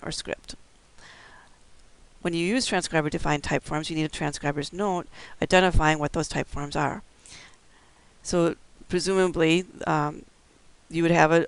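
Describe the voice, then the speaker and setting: A man's voice: fairly high pitch, vocal fry, clear, resonant tone, dry recording, rough recording. Methodical man teaching braille codes. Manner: methodical, explaining step by step with fillers. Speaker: braille instructor. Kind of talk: recorded instructional lecture.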